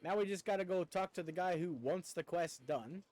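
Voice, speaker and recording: Faint music plays behind a man whose high voice is a little mellow as he chats casually while playing a video game. At a moderate pace, he rambles, stumbles over his words, and mocks himself.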